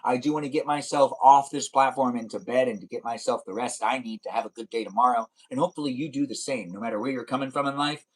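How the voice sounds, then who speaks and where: A man's voice: mid-range voice, steady tone, quick pace, few pauses, rough recording. A man live streaming, chatting casually and reading out viewer comments in a rambling, repetitive way.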